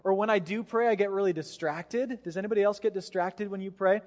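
A man, a pastor, preaching a sermon in a casual, animated storytelling way, acting out voices as he goes. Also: high-pitched, a little fast. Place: church sanctuary. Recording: long hall reverb.

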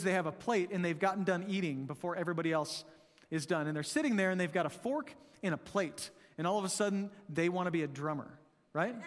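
A man's voice: high-pitched, big-room sound. A man preaching a sermon as pastor, in a conversational manner, often asking the room rhetorical questions.

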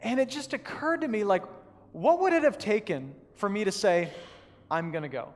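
A man preaching a sermon as pastor, telling a story in a casual, animated, self-deprecating way. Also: high voice, moderate pace, in a large hall. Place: church hall.

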